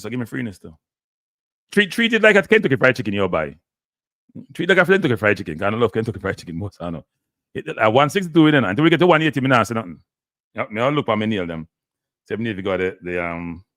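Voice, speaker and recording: A man's voice: on the low side, fairly bright tone, dry recording, clean studio sound. A Jamaican man hosting a live stream, annoyed and pleading with his viewers. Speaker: live show host.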